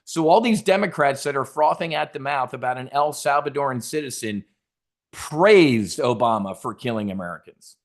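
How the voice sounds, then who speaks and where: A man's voice: mid-range voice, animated, moderate pace. Profane, combative man ranting. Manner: combative, sarcastic, swears a lot; loud bursts of emphasis. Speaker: host of a stock options trading show. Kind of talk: profane political rant.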